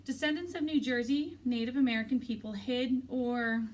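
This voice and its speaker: A boy stumbling plainly through a textbook passage, as a woman reads him. The voice is fairly high. It is caught from a little distance. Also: moderate pace, lightly acted. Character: schoolboy reading aloud in class.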